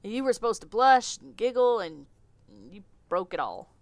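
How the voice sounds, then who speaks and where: A woman's voice: fairly high pitch, expressive, moderate pace, dry recording, pitched above the performer's own voice. A woman voicing a nervous, awkward young male demon with hooves, speaking with a Southern accent and stammering. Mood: flustered. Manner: stammering, flustered.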